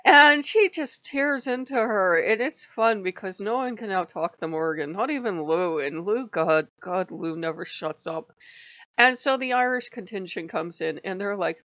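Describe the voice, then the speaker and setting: A woman's voice: medium pitch, expressive, normal speed, fairly bright tone, no room sound, highs cut off. A woman recounting her dreams and visions in a rambling, casual vlog, laughing often. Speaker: spiritual vlogger.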